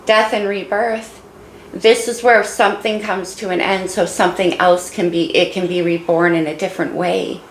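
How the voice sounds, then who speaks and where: Gravelly-voiced woman reading tarot cards. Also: lowish voice, flat delivery, normal speed, echoey room, a little hiss or hum, rough recording. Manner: warm, encouraging, emotional. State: losing her voice. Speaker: tarot reader.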